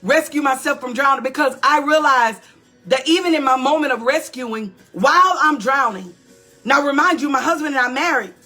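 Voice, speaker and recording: A woman's voice: high-pitched, moderate pace, pushed and bright, soft background music. A woman pastor giving an emphatic, preaching-style motivational talk, repeating lines and calling out to her listeners.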